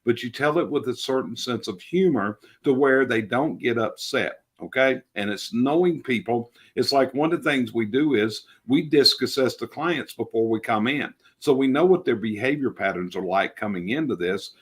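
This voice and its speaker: A man's voice: mid-range voice, animated, moderate pace, few pauses, husky. A middle-aged man with a North Carolina Southern accent, a business coach talking bluntly and folksily in a casual interview. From North Carolina, Charlotte area.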